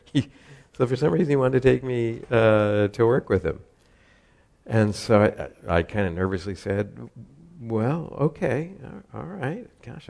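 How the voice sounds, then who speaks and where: Deep gravelly older man. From Southern California. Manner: rambling, chuckles often, many fillers and restarts. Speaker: storyteller. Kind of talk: casual personal storytelling.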